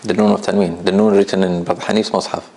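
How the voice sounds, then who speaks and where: A man teaching a recitation class in a relaxed, conversational way, often checking understanding with "right?" and putting questions straight to his students. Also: sits low, fast, creaky. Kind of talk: classroom lesson.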